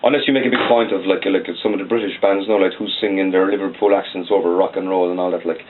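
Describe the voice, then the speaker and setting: A man's voice: low voice, fairly even intonation, quick pace, phone-quality sound, slight background noise. A man in his forties with a Cork accent, a singer-songwriter chatting at length in an interview and ending phrases with "like". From Cork, Ireland. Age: 40s. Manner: rambling, peppers speech with "like". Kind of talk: casual interview chat. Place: back office of a record shop.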